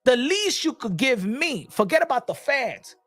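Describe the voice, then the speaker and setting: A man's voice: very high voice, very animated, moderate pace, a bit bright, no echo. A man giving a casual boxing opinion rant, blunt, profane and mocking. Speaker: boxing commentator.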